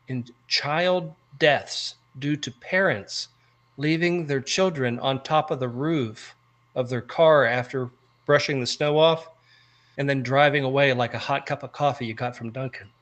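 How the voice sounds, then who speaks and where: A man from the United States co-hosting a casual podcast chat, with a bright, forceful tone. He spins long stories full of ranting asides and keeps his pitch in an ordinary middle range. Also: unhurried. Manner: animated storyteller, ranting asides. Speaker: podcast co-host.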